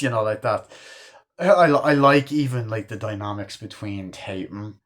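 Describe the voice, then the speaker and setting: A man's voice: fairly low pitch, expressive, fairly quick. A man reviewing a movie in a casual, rambling way, swearing often and leaning on fillers. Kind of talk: casual chat.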